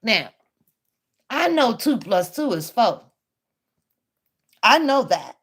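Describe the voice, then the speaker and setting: A woman hosts a casual reaction video, trading blunt, profane remarks with her audience. She laughs often. Her voice sits a little high. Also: very animated, takes it slowly, background noise. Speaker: reaction channel host.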